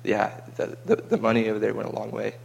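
Flat, gravelly man chatting. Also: on the low side, fast talker. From United States. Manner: chatty and rambling, with frequent repeated words. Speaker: vlogger recounting a mission trip. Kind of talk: casual chat.

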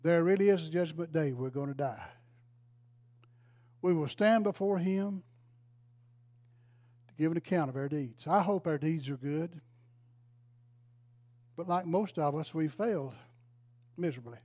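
A man's voice: a little high, a little slow, long pauses, a little mellow. An older man, a retired pastor, telling a folksy, emotional story in a sermon. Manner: folksy, emotional, exclaims praise.

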